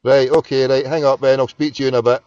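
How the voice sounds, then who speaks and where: A man's voice: mid-range voice, flat delivery, fast talker, darkish tone, slight background noise. Glaswegian man hosting a late-night phone-in. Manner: chatty, fumbling with the tech between calls. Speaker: phone-in show host. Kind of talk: casual phone-in chat. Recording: dull, lo-fi home broadcast.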